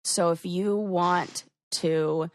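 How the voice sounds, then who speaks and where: A woman's voice: lowish voice, fairly even intonation, very slow, dry recording, studio quality. A woman co-hosting a podcast in casual chat, acting out quoted phrases as she explains. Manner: chatty, acts out quoted phrases. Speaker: podcast co-host.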